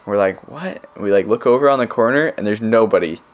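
A man's voice: lowish voice, fast, lo-fi sound. A young man, a missionary, telling stories in a casual recorded message to his family, rambling with many fillers. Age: young adult.

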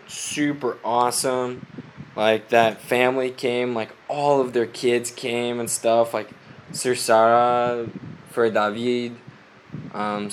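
A young man talks through his week in a loose, rambling way, dropping "like" into nearly every phrase and laughing often. His voice sounds a little stuffy from a cold, with a medium pitch. Faint noise sits under the recording. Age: young adult. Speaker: missionary. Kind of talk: casual spoken update to family.

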